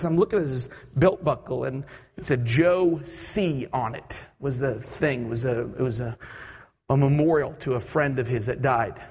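A high-voiced man delivers a sermon built around a personal story, acting out his own thoughts as he goes. His voice rings out through a church hall with a long reverb tail. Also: a little mellow, breathy edge. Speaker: preacher. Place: church service.

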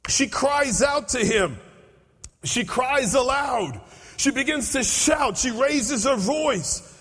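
High-voiced preacher in an echoing hall. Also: male voice, animated, slow pace, breathy edge. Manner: repeats phrases, builds to shouts. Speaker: pastor. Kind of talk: sermon. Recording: echoey hall with long reverb.

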